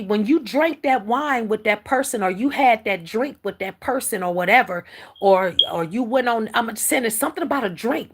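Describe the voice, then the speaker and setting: A woman with a husky, gravelly, mid-range voice gives a live-streamed spiritual reading that is casual yet preachy. She rambles, speaks emphatically, and calls her viewers "y'all" and "baby."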